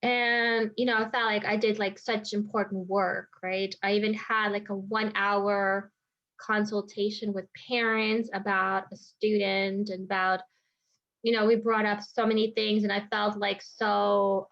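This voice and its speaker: In a reflective vlog recorded with dull, lo-fi sound, an energy healer circles back over a personal experience, leaning on "like" and "you know." Her medium-pitched voice stays level, unhurried, and fairly bright.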